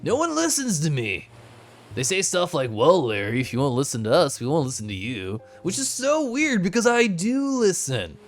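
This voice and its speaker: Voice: mid-range voice, very animated, normal speed, faint music behind. A streamer voicing a laid-back surfer-bro game character who keeps saying he is a great listener. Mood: defensive. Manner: drawling, easygoing surfer-bro talk. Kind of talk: game voice acting.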